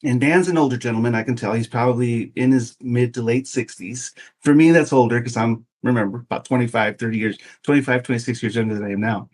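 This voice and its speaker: A man in his fifties, a podcast guest, tells a long personal story in a mid-range voice, talking fast with few pauses. He's animated and acts out the voices of the people he quotes, keeping it casual.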